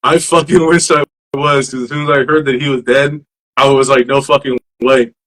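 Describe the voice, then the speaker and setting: A man hosting a podcast, casually telling stories in an animated, profane way. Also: a little high, a little fast, low-quality recording. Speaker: podcast host. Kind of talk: casual chat.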